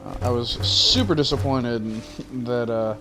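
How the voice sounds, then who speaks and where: A man's voice: medium pitch, measured pace, bright, forceful tone, soft background music. A tired young man streaming a game, rambling with lots of fillers and casual swearing. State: yawning, tired. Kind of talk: casual gameplay commentary.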